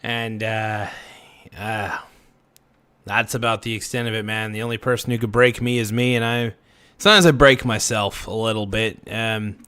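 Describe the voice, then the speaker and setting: A man's voice: fairly low pitch, steady tone, moderate pace, bright, forceful tone, smooth. A man hosting a casual late-night livestream, rambling and self-reflective, trailing off with fillers and restarts. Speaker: livestream host.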